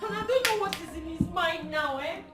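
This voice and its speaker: A woman's voice: very high voice, expressive, a little fast, roomy sound, over loud music. An actress playing a worried young sister who urges her brother not to do anything stupid, with a Nigerian accent. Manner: urgent, fretful. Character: worried young village sister, anxious and scolding.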